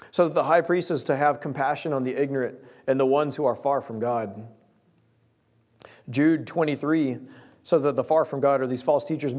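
A man's voice: medium pitch, darkish tone. A young man preaching a sermon, earnest, reading scripture and telling a personal story.

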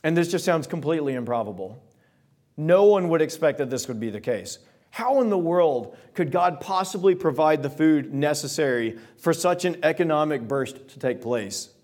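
A man preaching a sermon, retelling scripture passages in casual modern words and reading the old verses slowly. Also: a little high, lively intonation, darkish tone. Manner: reads King James verses slowly and solemnly. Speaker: pastor.

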